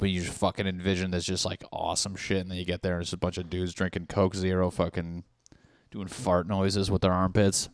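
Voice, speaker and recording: A man's voice: sits low, level tone, normal speed, no room sound, clean studio sound. A man in his thirties hosting a podcast as a casual, comedic solo monologue. He rambles and swears freely as he riffs on party scenarios. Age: 30s. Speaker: podcast host.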